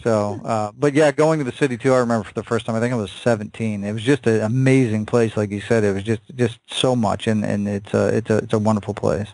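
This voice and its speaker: A man's voice: lowish voice, fairly even intonation, fast, creaky, few pauses, darkish tone, dry recording, poor audio. A man from upstate New York hosting a radio interview, asking questions in a friendly way with many fillers and restarts. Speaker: radio show host.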